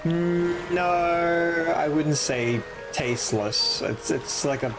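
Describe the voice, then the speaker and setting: A man's voice: a little high, level tone, slow, music in the background, rough recording. A man streaming a video game and chatting casually with friends, joking and swearing as he plays. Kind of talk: casual gaming stream chat.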